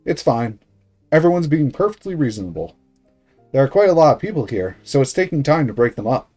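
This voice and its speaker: A man's voice: mid-range voice, very animated, fairly quick, a little mellow, faint music behind. A man doing a sly, mocking old cop. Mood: calm. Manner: mocking and unbothered. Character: sly, teasing older male police detective.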